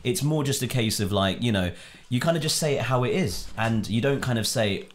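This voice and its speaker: A man's voice: mid-range voice, animated, brisk. A man co-hosting a podcast in casual chat, joking along and steering the talk with thoughtful remarks. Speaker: podcast co-host.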